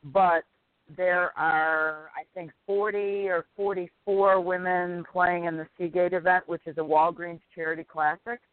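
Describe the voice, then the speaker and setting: A woman's voice: fairly low pitch, flat delivery, unhurried, no room sound. A woman co-hosting a radio show, explaining her plans in a matter-of-fact, casual way. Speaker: radio co-host and golf professional. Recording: dry phone-like line.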